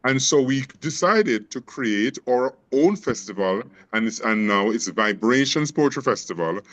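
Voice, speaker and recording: A man's voice: mid-range voice, expressive, unhurried, a bit bright, rough recording. A man from Jamaica with a Jamaican accent blended with Canadian, talking passionately as a poet and educator in an interview, often stumbling over repeated words. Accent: Jamaican mixed with Canadian. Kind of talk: interview conversation.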